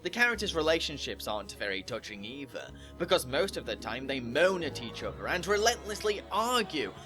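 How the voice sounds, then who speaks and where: Lively critical male reviewer. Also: mid-range voice, a little fast, faint music behind. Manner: opinionated, critical. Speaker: anime reviewer. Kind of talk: scripted review narration.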